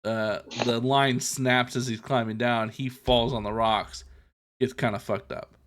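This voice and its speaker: A man co-hosting a podcast, casually retelling a TV episode in a loose, profane way with quick asides. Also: mid-range voice, flat delivery, fairly bright tone. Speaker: podcast co-host. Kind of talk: casual chat recapping a TV episode.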